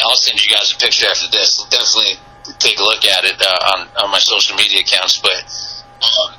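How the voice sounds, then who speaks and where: A man with a husky, very bright, sharp voice tells a story as a podcast guest. He is animated and casual, full of fillers and the odd curse, and his voice sits a little low. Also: rough recording. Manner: animated, lots of fillers and swearing. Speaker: podcast guest, sports content creator.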